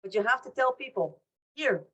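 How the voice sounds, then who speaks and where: A woman teaches over a video call from home, leaning hard on her points and repeating them. Her voice sits fairly high, and she slips into the voices of the people she quotes. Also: animated, moderate pace. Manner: warm, emphatic, acts out quotes, repeats for emphasis. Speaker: presenter and trainer. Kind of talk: Q&A training talk.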